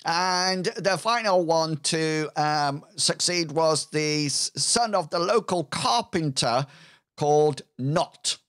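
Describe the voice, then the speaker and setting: A man runs a tabletop game at an unhurried, deliberate pace. He narrates haltingly, with plenty of ums and pauses between phrases. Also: fairly high pitch, a bit bright, smooth. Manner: hesitant, with many fillers. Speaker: game master.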